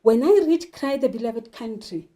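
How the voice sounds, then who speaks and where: A woman teacher explaining poetry and literature terms, slowly asking questions and answering them herself. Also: a little high, lively intonation, dark tone. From South Africa. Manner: slow, deliberate, poses questions then answers them. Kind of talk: literature lesson.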